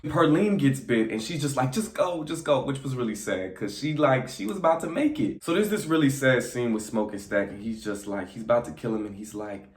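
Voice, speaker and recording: A young man casually recapping a movie, acting out the characters' lines in quick voices. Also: mid-range voice. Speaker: movie reviewer. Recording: echoey room.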